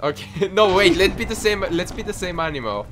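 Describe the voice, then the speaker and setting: A young man hosting a casual gaming video, giggling constantly and excitable. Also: high voice, brisk, music in the background. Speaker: gaming channel host.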